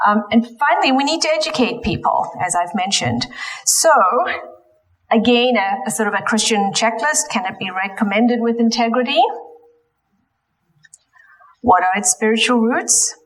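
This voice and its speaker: A woman's voice: on the high side, moderate pace, long pauses, poor audio. A woman giving a lecture in a church, speaking with frequent ums and self-corrections. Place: church hall.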